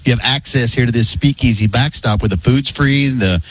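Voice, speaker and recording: Radio co-host, male, mid voice, relaxed, dry close sound. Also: medium pitch, moderate pace, dry recording, poor audio. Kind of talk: casual sports radio chat.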